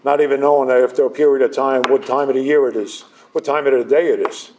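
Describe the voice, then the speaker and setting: A man's voice: medium pitch, fairly even intonation, fast talker, darkish tone, slight background noise. A middle-aged man sharing his recovery story with a live audience, conversational and self-deprecating.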